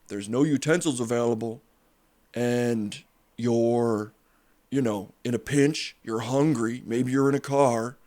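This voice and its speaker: A man's voice: medium pitch, a little mellow, lightly acted. Man doing Leonard Crumb, a prim pompous ex-mayor. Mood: measured. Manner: measured, pompous, debate-minded. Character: prim self-styled reasonable male ex-mayor.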